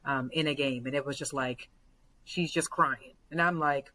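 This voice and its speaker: A young adult woman, a basketball coach, chatting as a podcast guest in animated storytelling with lots of "like" fillers. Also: low-pitched, moderate pace, a little hiss or hum, poor audio. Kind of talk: casual podcast conversation.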